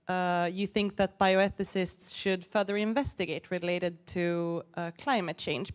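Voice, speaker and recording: A woman's voice: on the low side, smooth. A woman student asking a speaker a polite, slightly hesitant question at a conference.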